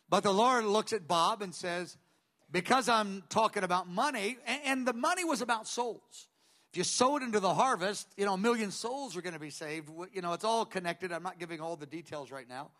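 A man's voice: high-pitched, fairly bright tone. An older man preaching a conversational teaching sermon, telling stories with many digressions and quoting others aloud.

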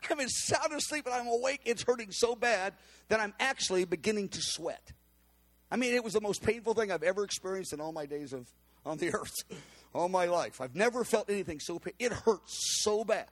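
A man telling a personal testimony in an animated storytelling manner, acting out the quotes with cries and laughs. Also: sits high, a little fast.

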